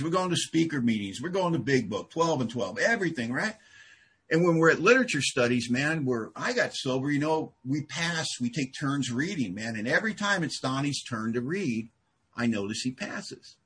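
A man speaking at a recovery meeting, telling a personal story with big swings from low mutters to loud outbursts. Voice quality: very husky. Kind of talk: storytelling talk.

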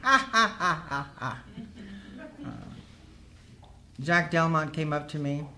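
A woman's voice: low voice, animated, takes it slowly, bright, forceful tone, a little hiss or hum. A woman sharing her recovery story as humorous personal storytelling, earthy and wry, laughing as she goes.

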